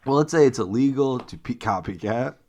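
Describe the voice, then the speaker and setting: A man's voice: mid-range voice, animated, brisk, dark tone. A man co-hosting a podcast, riffing and laughing in casual comedic banter. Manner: giggly, riffing, lots of laughter. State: hiccuping. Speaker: podcast co-host.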